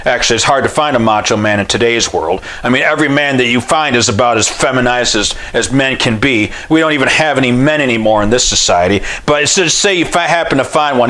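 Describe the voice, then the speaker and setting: A man preaching a revival sermon, impassioned and folksy, rising to shouts on repeated phrases. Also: mid-range voice, expressive, fast, hardly any pauses, rough recording. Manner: folksy and conversational.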